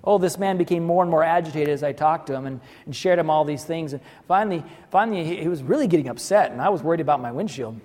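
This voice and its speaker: A male pastor preaching a sermon with passion, his voice swelling and then dropping to a hush. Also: fairly high pitch, fast, few pauses, big-room sound. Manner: impassioned preaching, rising and falling, hushed at the close.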